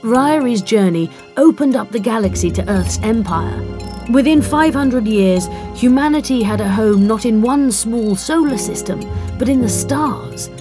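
A woman's voice: a little high, expressive, measured pace. Woman narrating a story, faint music. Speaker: audiobook narrator. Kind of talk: scripted narration.

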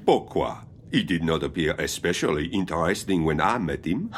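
A man's voice: low-pitched, sing-song, normal speed, a little hiss or hum. An actor playing a courteous, dry-witted male waiter with a formal, deferential manner. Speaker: restaurant waiter.

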